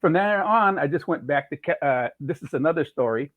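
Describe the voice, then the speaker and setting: A man's voice: fairly high pitch, animated, brisk, dry recording. A middle-aged man from California, a chef guest telling rambling career stories in a casual interview, acting out quoted dialogue as he goes. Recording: tinny phone-like dry sound.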